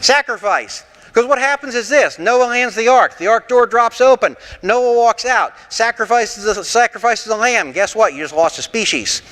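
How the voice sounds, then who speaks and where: Bright high-voiced man teaching scripture. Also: normal speed, long reverb tail. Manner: animated, rhetorical, lightly sarcastic. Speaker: pastor teaching a Bible class. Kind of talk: interactive sermon with questions. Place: church.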